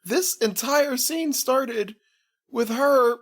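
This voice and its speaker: A man's voice: extremely high pitch, extremely slow, a bit bright. A man co-hosting a podcast, chiming in with wry jokes and frequent laughter during a casual film chat. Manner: wry, jokey interjections, laughs often. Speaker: podcast co-host.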